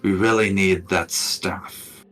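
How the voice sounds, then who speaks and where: A man's voice: deep voice, steady tone, takes it slowly, a bit bright, soft background music. A man doing a smug, cocky rogue leader. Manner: calls people love, breezy and cocky.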